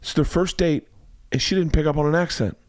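On a casual podcast recorded in a home studio, a man who hosts and does comedy tells a rambling, worked-up anecdote and swears freely. His voice is a little high and fairly quick, captured dry.

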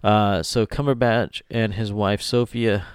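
Jokey low-voiced man reading headlines. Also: fairly even intonation, a little slow, clear, resonant tone, dry recording, clean studio sound. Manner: jokey, reads headlines aloud with asides. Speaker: podcast co-host. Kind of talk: casual news chat.

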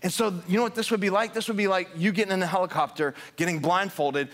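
Male pastor, higher voice, energetic sermon delivery, rallies the congregation with questions. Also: fast talker. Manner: energetic, builds to fired-up emphasis, asks the congregation questions. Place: church sanctuary.

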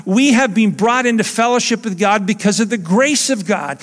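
A man's voice: high-pitched, normal speed, big-room sound. A man preaching a sermon as pastor, earnest and emphatic, repeating his key phrases.

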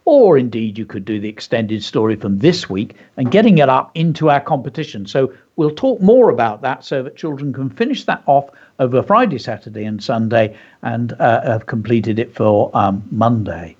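Husky man reading a kids' story. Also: mid-range voice, lively intonation, moderate pace, few pauses, darkish tone. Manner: enthusiastic storyteller, chatty asides. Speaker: teacher and radio show host. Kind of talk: reading a children's story aloud and teaching. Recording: dull lo-fi radio audio.

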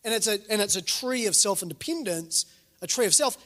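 His voice is high and his delivery fairly quick as this New Zealand pastor in his 40s preaches. He animates his sermon's stories by performing the voices within them, and the church hall setting lends the recording heavy reverb.

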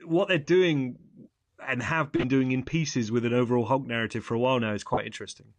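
A man's voice: medium pitch, steady tone, brisk, no echo. A young man co-hosting a casual film review chat, rambling and correcting himself with wry asides. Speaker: podcast co-host.

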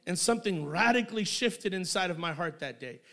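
High-pitched middle-aged man preaching with fire in church. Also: animated, brisk, creaky. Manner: impassioned, building to shouting. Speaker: pastor. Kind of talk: sermon. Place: church sanctuary.

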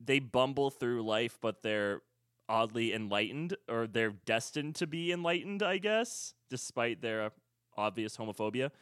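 A man's voice: medium pitch, expressive, unhurried, fairly bright tone, smooth, dry recording, studio quality. A man co-hosting a podcast in casual chat, playful and joking, slipping into silly voices. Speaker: podcast co-host.

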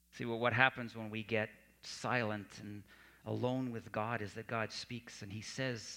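A man preaching a sermon in an earnest way, often dropping his voice soft for emphasis. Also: fairly low pitch, fairly even intonation, normal speed. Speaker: pastor.

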